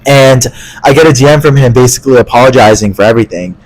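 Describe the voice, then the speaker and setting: Young male podcast co-host, quick and animated, swears freely, acts out quoted voices in casual storytelling. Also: medium pitch, low-quality recording.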